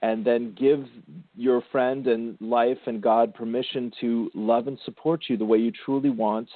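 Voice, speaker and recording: Man, spiritual radio host, gentle and affectionate, phone-like sound. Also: medium pitch, fairly even intonation, unhurried, no room sound. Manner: gentle, affectionate, calls listeners darling and sweetie. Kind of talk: spiritual counseling on a call-in show. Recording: tinny phone-line sound, dry.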